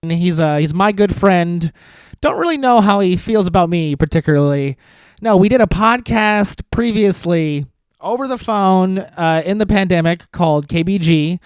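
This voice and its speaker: A man hosting a podcast, rambling through sardonic dark jokes in a casual monologue. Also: sits high, moderate pace, clear, resonant tone, no echo. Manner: sardonic, dark deadpan humor with rambling asides. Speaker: podcast host.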